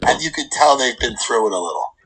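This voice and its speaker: A man's voice: mid-range voice, quick pace, slight background noise, rough recording. A man hosting a casual chat, telling funny stories and acting out the people in them. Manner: animated comic storyteller, acts out quotes.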